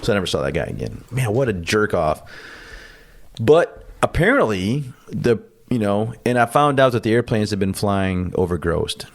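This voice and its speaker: A man being interviewed, telling a story in an animated, blunt way and acting out the people in it. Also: on the low side, normal speed. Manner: animated, acts out quoted dialogue; blunt, salty language. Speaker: podcast guest. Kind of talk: conversational storytelling.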